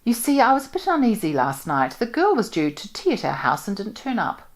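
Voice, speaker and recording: A woman's voice: medium pitch, huge pitch swings, brisk, pitched above the performer's own voice. A woman reading aloud and voicing a wry, exasperated young man with a dry, sardonic way of talking. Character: wry, exasperated young male war veteran.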